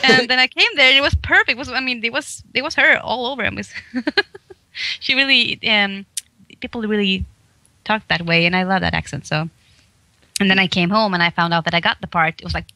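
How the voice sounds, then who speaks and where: Bright-voiced Swedish woman, giggly. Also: a little high, a little fast, no room sound. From Sweden. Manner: giggly, chatty, with frequent laughs and restarts. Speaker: voice actress and comedian guest. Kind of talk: casual interview chat.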